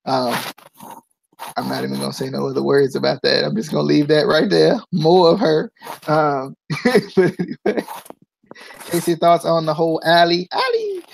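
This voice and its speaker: A man's voice: on the high side, level tone, normal speed, creaky, pauses often, poor audio. A man chatting casually on a wrestling podcast, playful and loose. He stumbles and restarts often, laughing at himself, with a faint hiss of noise under his voice. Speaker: podcast co-host. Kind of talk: casual wrestling review chat.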